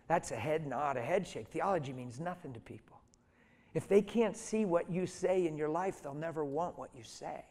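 A middle-aged man preaching a sermon through stories, dropping to hushed tones and then rising to loud, emphatic lines. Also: on the high side, normal speed. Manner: storytelling, swings from soft and hushed to loud and emphatic. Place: church hall. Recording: reverberant hall.

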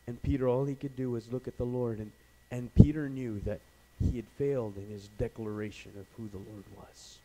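A man from Canada preaching a sermon as pastor, telling stories with animated energy and acting out the voices of people he quotes. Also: mid-range voice, brisk, hardly any pauses, rough recording.

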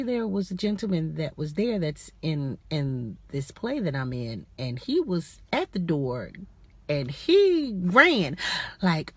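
Slow, lively-voiced woman chatting to viewers. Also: fairly low pitch, husky, no room sound. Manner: chatty, addresses viewers as y'all. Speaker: vlogger. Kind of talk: casual personal vlog.

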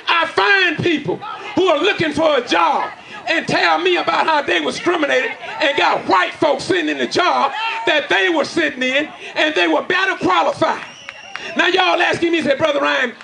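Shouting high-voiced preacher, gravelly. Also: male voice. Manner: shouting with call-and-response questions to the crowd. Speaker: community speaker. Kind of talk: impassioned preacher-style rally speech. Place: outdoors at a community gathering. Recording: loud crowd outdoors.

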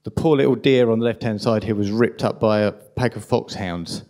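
A man with a strong London accent giving an impassioned, indignant conference talk at a rapid pace. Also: on the low side, a little mellow. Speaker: conference speaker.

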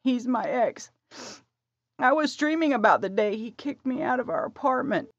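A woman's voice: high-pitched, lively intonation, normal speed, creaky, breathy edge, dry recording, voice pushed up, heavily acted. A woman voicing an anxious, insecure young heroine, raising her voice in a pleading, emotional way. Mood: upset. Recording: dry, slightly dull audio.

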